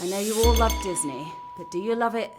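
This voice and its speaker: A woman's voice: medium pitch, quick pace. A woman hosting a live trivia game show, playful and full of puns, with show music behind her. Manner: playful, punny and upbeat. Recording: phone recording of a stream with music behind.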